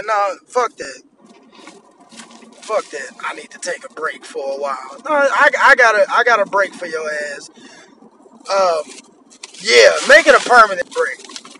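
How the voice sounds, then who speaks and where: A man's voice: high-pitched, pushed and bright, a little hiss or hum, poor audio. A man in his thirties hosting a podcast, ranting bluntly and profanely in an annoyed tone. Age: 30s. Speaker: podcast host. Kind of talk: solo podcast rant.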